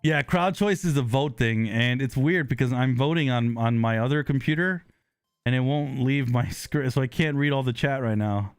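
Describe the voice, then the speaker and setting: A man streaming a live online game, chatting with viewers, excitable with sudden loud exclamations and quick apologetic laughs, on a close desk microphone. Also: mid-range voice, clear, resonant tone, dry recording, soft background music. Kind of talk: live gaming stream chat.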